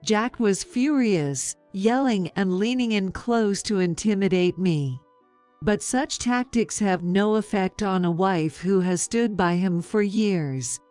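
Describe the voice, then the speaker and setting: A woman in her fifties narrating a story in a calm, measured, sarcastic way. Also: mid-range voice, no echo, faint music behind.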